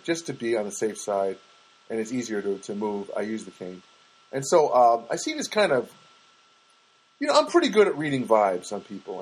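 A husky-voiced man rambles through a comic monologue, stopping and restarting as he goes. His humor is self-mocking, with many quick asides. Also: medium pitch, low-quality recording.

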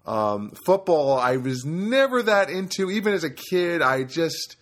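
Recording his solo podcast in a studio apartment, the middle-aged host from New Jersey sounds a little high and bright, very animated yet measured in pace. His casual stories wander, and he often cuts himself off mid-thought.

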